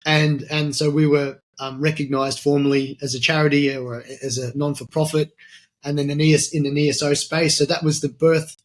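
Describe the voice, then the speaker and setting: A man with an Australian accent, a podcast guest telling his story casually, animated, acting out quoted dialogue and often restarting his sentences. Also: on the high side, moderate pace. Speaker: podcast guest, military veteran and charity founder.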